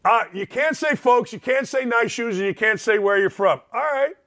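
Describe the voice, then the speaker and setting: High-voiced joking middle-aged talk host. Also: male voice, brisk. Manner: animated, joking, acts out quoted voices. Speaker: radio talk show host. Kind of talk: casual radio monologue.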